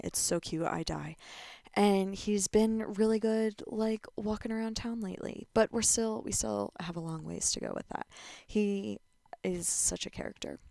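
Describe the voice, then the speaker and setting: A woman's voice: mid-range voice, darkish tone, no echo. A young woman hosting a casual solo podcast, chatty and blunt, full of "like" fillers. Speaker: podcast host.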